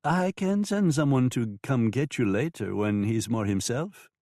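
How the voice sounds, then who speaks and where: A man voicing a sly, mocking saloon madam with a French accent in an audiobook, speaking slowly and smoothly. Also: mid-range voice, lively intonation, dark tone, no room sound, studio quality, pitched above the performer's own voice. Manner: smooth, taunting, slow and drawn-out. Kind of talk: audiobook character voice.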